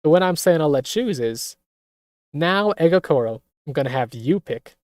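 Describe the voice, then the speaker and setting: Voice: mid-range voice, lively intonation, normal speed, darkish tone, no room sound, studio quality, lightly acted. A streamer voicing a gleeful, cruel death-game ringmaster in a video game, in a mocking tone. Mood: taunting. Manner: mocking, taunting.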